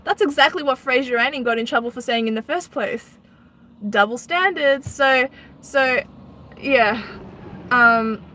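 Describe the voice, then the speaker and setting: A woman's voice: fairly high pitch, sharp tone. A woman vlogging in a casual, indignant storytelling monologue, retelling an argument. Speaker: political vlogger.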